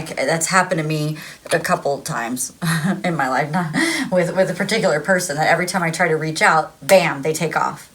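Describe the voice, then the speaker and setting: Casting: rambling, laughing woman tarot reader, slightly low voice. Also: fairly bright tone. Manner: chatty and rambling, laughing often, acting out quotes. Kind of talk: casual spoken tarot reading.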